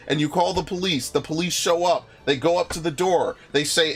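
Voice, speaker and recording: A man's voice: on the high side, a little fast, few pauses, faint music behind. A young man streaming a game, telling stories in casual, profane chat with a friend. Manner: animated, profane storytelling.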